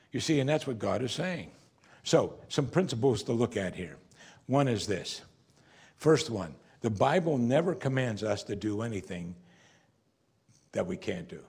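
A man preaching a sermon as a pastor, earnest, often dropping to a soft voice for quoted words. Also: on the low side, gravelly, breathy edge.

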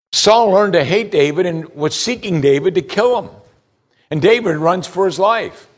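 A man delivering a sermon with a lot of movement in his voice. He climbs high and loud on dramatic moments, then sinks low and slow when he reads scripture. He puts direct questions to his listeners. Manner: animated preaching, rising loud on high points, dropping low and slow for scripture. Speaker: pastor.

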